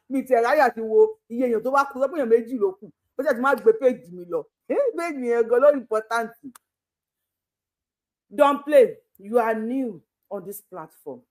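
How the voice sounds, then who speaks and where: A Nigerian woman hosting her own channel, talking casually and laughing a lot, switching between Yoruba and pidgin English. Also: high voice. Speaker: YouTube channel host. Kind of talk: casual live commentary.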